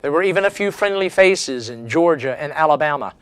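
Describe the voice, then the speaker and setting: A man's voice: fairly high pitch, lively intonation, a little fast, clean tone, no echo. A man giving a history lecture as a seminar speaker, telling it as a dramatic story with strong emphasis.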